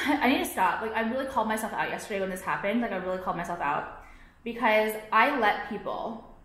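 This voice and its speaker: A woman's voice: medium pitch, a little fast, a bit bright. A young woman vlogging to her viewers, ranting in a profane, exasperated way and filling her talk with "like". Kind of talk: casual ranting to camera. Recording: echoey room.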